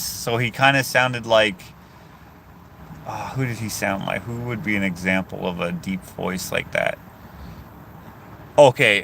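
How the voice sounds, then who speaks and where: A man's voice: mid-range voice, pushed and bright, a little hiss or hum. A man from Canada chats casually in a car to his phone and reads viewer comments, rambling and cutting himself off. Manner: rambling, chatty, self-interrupting. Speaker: vlogger. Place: inside a car.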